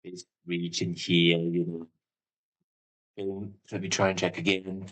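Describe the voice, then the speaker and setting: This is casual live commentary from a man streaming a game: he thinks out loud, wanders from point to point, and exclaims suddenly. His low, slightly bright voice stays unhurried with little pitch movement. The recording is of low quality.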